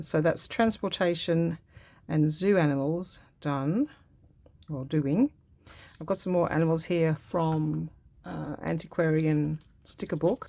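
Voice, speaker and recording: A woman vlogger chatting casually as she works on a craft project, thinking aloud in an unhurried way. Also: sits low, creaky, darkish tone. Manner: musing aloud while cutting and gluing, unhurried and chatty.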